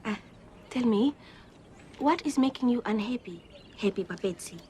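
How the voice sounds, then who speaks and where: A woman playing a cheerful, kindly middle-aged woman detective, speaking in warm, formal, teasing phrases. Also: a little high, expressive, normal speed, a little hiss or hum, natural voice. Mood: sympathetic, firm.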